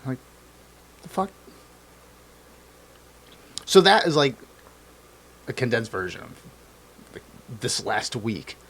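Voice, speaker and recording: A man co-hosting a casual political chat, talking in an animated way, swearing often and acting out what politicians said. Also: mid-range voice, slow, pauses often, a little hiss or hum. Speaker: co-host.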